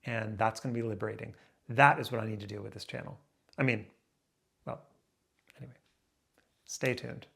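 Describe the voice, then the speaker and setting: Fast and fairly flat in intonation, this man in his late thirties speaks with a gravelly, slightly rough voice. In his raw, emotional vlog he rants angrily to camera, cursing, tripping over restarts, and swinging between shouting and quiet muttering.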